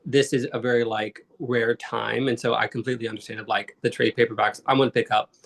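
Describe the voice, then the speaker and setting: A man's voice: medium pitch, flat delivery, fairly quick, creaky. A man guesting on a casual comics chat, rambling and saying "like" a lot.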